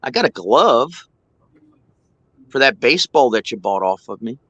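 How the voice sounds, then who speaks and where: A man's voice: medium pitch, big pitch swings, moderate pace, bright, forceful tone, no echo. A man doing a sly wheedling boy. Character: sly young boy haggling.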